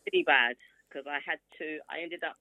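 A woman's voice: low voice, brisk, pushed and bright, no echo. A woman in her sixties telling her story in a casual interview and acting out quoted voices along the way. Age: 60s. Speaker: author guest. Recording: tinny phone-like line, dry.

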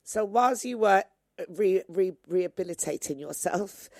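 A woman hosting a casual interview, chatty and quick to laugh. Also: mid-range voice, lively intonation, a little mellow, no echo, studio quality. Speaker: host.

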